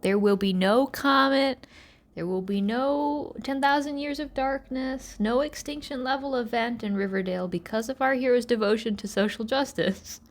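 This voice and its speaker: A woman hosting a podcast, recapping episodes in a sarcastic, animated storytelling way and slipping into mock voices for the characters. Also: a little high, moderate pace. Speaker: podcast host.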